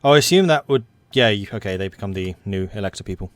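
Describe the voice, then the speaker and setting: An excitable young Englishman rambling through commentary on a strategy game he is playing. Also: fairly low pitch, fast, a little hiss or hum. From England. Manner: excitable and rambling, self-described hyper. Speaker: let's play host. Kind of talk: gaming commentary.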